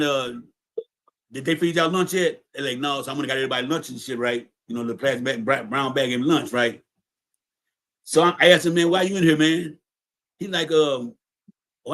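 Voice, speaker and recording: Casting note: man, slightly high voice, streetwise storyteller, loose and profane. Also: fairly bright tone. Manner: streetwise, profane, repeats words. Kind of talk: casual storytelling.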